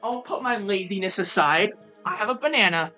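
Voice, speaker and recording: A young woman streamer chatting casually over her game, self-mocking and loose with swearing. Her voice is bright and sharp-edged, and her pitch swings about in a lively way. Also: a little fast, faint music behind.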